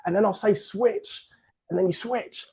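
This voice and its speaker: Hosting a virtual book launch over a video call, a man with a non-American English accent leads party games in a lively, playful, joking manner, often bursting into laughter. His high voice is quick and slightly rough, and at times he's out of breath.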